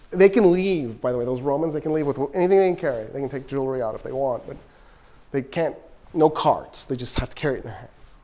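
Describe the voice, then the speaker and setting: A male political science professor from Texas tells history as a lively story and acts out the characters' dialogue. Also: medium pitch, fast. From Texas, USA. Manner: animated, acts out quoted dialogue. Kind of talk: storytelling lecture.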